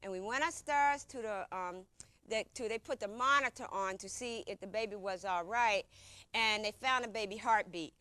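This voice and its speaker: Bright, dry-voiced woman telling a story. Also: medium pitch, moderate pace, no room sound. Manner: informal, repeats herself, acts out what others said. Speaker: storyteller recounting a personal experience. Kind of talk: conversational personal storytelling.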